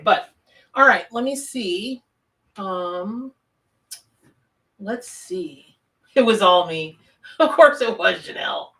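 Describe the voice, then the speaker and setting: A woman's voice: fairly high pitch, a bit bright, far from the mic, low-quality recording. A woman from the American South with a Southern accent, hosting a live tarot reading and chatting casually with viewers as she reads their comments. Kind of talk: live-stream chat and reading.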